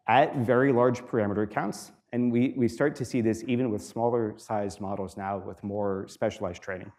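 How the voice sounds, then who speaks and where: A man giving a university guest lecture in a relaxed, explanatory way, with frequent fillers, repeating students' questions aloud. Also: mid-range voice. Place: lecture hall.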